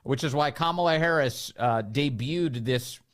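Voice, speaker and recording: A male talk radio host in his studio, talking with sarcastic amusement. His pitch and pace sit in an ordinary middle range. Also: a little slow, fairly bright tone. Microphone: studio microphone.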